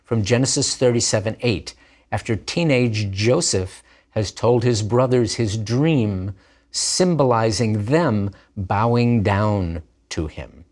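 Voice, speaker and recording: A man teaching a grammar lesson in slow, deliberate speech with playful asides. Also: fairly low pitch, a little mellow. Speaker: language teacher. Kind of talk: scripted Hebrew grammar lesson.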